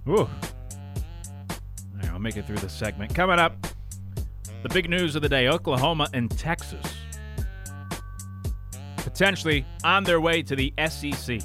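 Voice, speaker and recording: A man's voice: a little high, lively intonation, normal speed, pauses often, over music. A man with a Connecticut accent hosting sports radio in a studio, rambling casually and running his words together.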